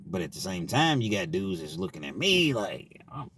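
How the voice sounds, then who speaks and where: Low-voiced man telling stories casually. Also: wildly swooping pitch, vocal fry, a bit bright, slight background noise. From Kentucky. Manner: slangy, drawn-out asides with "man". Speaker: vlogger telling prison stories. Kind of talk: casual storytelling.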